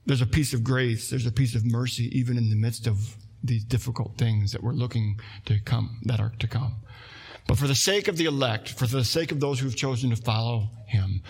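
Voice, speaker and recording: A man's voice: medium pitch, a bit bright. A man preaching a sermon as pastor, in a conversational way with asides and restarts.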